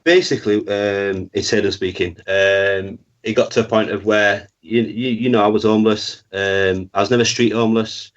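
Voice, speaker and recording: Low voiced leeds guy, lots of ums, muffled far off call audio. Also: steady tone, moderate pace, hardly any pauses. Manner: hesitant, many ums. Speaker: guest. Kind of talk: casual interview.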